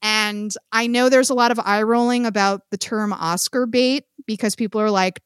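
Young woman podcast co-host, blunt and profane film critic, slightly high voice, dry close sound. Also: moderate pace, a bit bright, clear, resonant tone, no echo. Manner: blunt, swearing, emphatic repetition. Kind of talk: casual film review chat.

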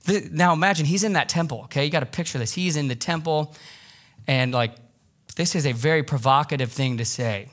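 A man pastor preaching a sermon, animated, acting out quoted voices and repeating for emphasis. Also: on the high side, fairly quick.

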